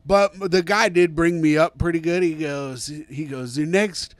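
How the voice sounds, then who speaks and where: Um humorista americano do Meio-Oeste contando histórias animadas num podcast, imitando as vozes das pessoas, gravado num microfone de estúdio seco. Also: male voice, fairly high pitch, measured pace, no room sound. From American Midwest. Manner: animated anecdotes with acted-out voices. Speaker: stand-up comedian, podcast regular. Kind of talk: casual podcast chat, storytelling.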